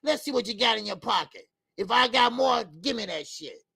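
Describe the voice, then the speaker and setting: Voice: mid-range voice, animated, moderate pace, gravelly, pushed and bright, slightly rough, dry recording. A boxing show host ranting in a heated talk-show style, fired up, repeating points and talking straight to viewers.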